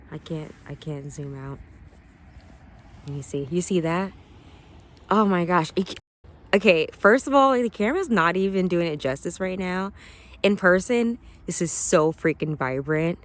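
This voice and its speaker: A woman vlogging outdoors by the water on a phone, telling a story in an excitable, rambling way and often apologizing for going off track. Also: deep voice, moderate pace, pauses often. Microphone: phone held above the water.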